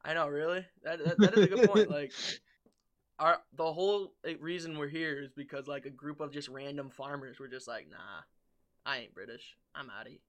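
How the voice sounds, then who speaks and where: A man's voice: a little high, fairly quick. A young man co-hosting a podcast in casual joking chat, clowning around and riffing. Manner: jokey, goofs into silly voices. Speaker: podcast co-host.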